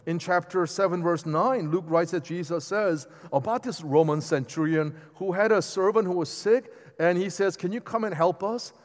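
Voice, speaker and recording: A man preaching a sermon in a lively, conversational way, with asides to the congregation. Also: high-pitched, moderate pace, hardly any pauses. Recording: long hall reverb.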